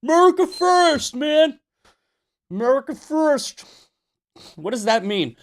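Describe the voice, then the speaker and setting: A man's voice: very high voice, very animated, slow, pitched above the performer's own voice, full character voice. A man putting on a mocking caricature of a bigoted young male nationalist, sneering and chanting in an exaggerated way.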